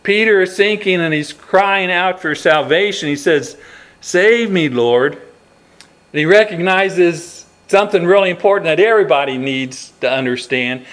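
A man's voice: high-pitched, normal speed, fairly bright tone. A man preaching a sermon, reading scripture and asking earnest rhetorical questions, with frequent restarts.

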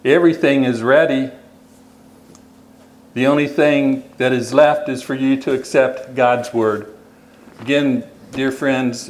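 A man's voice: medium pitch, low-quality recording. A man preaching a sermon in a church, speaking plainly and earnestly, often repeating his phrases and ending with an appeal to come forward. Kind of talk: sermon with closing invitation. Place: church hall.

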